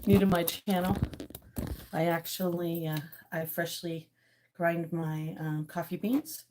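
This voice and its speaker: A middle-aged woman hosting a casual livestream from outdoors on a wooded ridge, chatting with viewers and her pets, sometimes dropping into soft whispers. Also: fairly low pitch, flat delivery, moderate pace. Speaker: livestream host. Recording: noisy outdoor recording.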